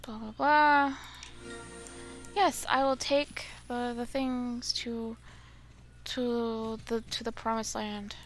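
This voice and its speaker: A woman's voice: on the high side, flat delivery, slow, long pauses, faint music behind. A young woman chatting casually while playing a game at home, grumbling and easily exasperated. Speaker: gamer. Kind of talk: casual gameplay commentary.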